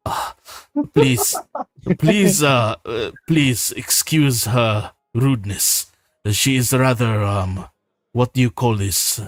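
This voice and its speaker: A man's voice: medium pitch, slow, no room sound, studio quality, lightly acted. A man voicing a stiff, formal nobleman who halts and apologizes for his wife. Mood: apologetic.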